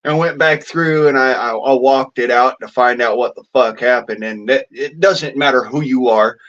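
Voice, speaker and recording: A man's voice: mid-range voice, moderate pace, fairly bright tone. Swearing man ranting on a lo-fi phone. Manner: heavy swearing, blunt and rambling. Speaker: vlogger. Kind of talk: angry ranting vlog.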